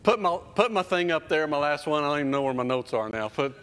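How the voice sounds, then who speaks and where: A man's voice: a little high, expressive, quick pace, fairly bright tone, clean tone. Fiftyish guy preaching from a church stage, punchy repeats, big echoey hall. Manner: emphatic and repetitive, building with rising intensity. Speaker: children's pastor. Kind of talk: sermon.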